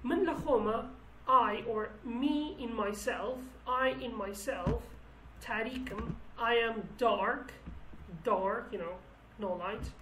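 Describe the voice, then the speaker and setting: Echoey, high-voiced woman teaching Kurdish. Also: slow, a bit bright, distant mic, a little hiss or hum. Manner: thinks aloud, restarts phrases, searches for English words. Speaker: language teacher. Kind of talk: explaining song lyrics.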